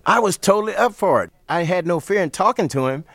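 A man from St. Louis telling stories in an interview, relaxed and often laughing, acting out the voices he quotes. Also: high-pitched, quick pace, vocal fry, no echo. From St. Louis, USA. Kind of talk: storytelling interview.

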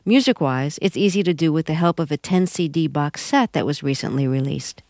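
A woman hosting a radio interview, asking measured, curious questions. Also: low voice, a little mellow, no echo, studio quality.

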